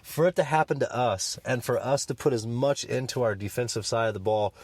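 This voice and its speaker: A man's voice: medium pitch, fairly quick, darkish tone, no room sound. Passionate man hosting a sports podcast. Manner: passionate, emphatic, opinionated. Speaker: podcast co-host.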